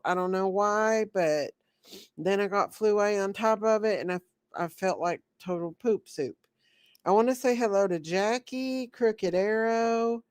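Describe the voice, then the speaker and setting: Sick woman, slow sing-song. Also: mid-range voice, smooth, dry recording, studio quality. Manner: slow, drawn-out greetings with sing-song repeats. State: sick, short of breath and hoarse. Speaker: livestream host. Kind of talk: casual livestream chat greeting viewers.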